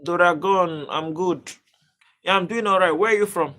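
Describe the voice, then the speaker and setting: A man's voice: sits high, moderate pace, pushed and bright. A man from Africa hosting a casual live stream, bantering with viewers and reading their comments aloud in a playful way. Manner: playful banter, chuckling, repeats words when starting.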